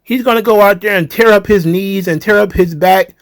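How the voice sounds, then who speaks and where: With a high, brisk voice and no echo, a man hosts a wrestling commentary show, ranting heatedly and sarcastically with swearing.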